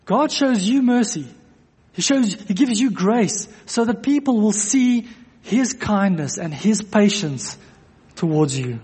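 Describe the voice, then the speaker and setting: A man's voice: high-pitched, lively intonation, slow, darkish tone, slightly rough. A man preaching a sermon to a congregation, earnest, repeating phrases for emphasis. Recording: long echo of a church hall.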